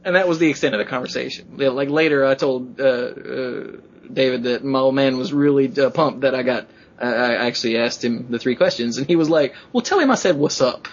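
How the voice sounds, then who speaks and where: Man, podcast host, casual chat, husky, excitable storyteller, muffled lo-fi sound. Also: medium pitch, a little fast. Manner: excitable storyteller, acts out quotes in a rising voice.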